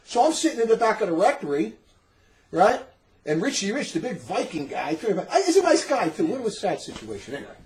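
A middle-aged man telling a story in casual chat, animated and laughing often as he acts out the people in it. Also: high-pitched, fairly quick, rough recording. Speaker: storyteller in a religious talk recording.

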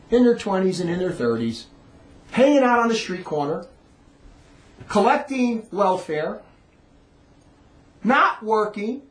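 Man, rambling emphatic ranter, high voice, echoey room. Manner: rambling, emphatic, repeats words. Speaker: monologue speaker. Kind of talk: ranting monologue. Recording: roomy echo.

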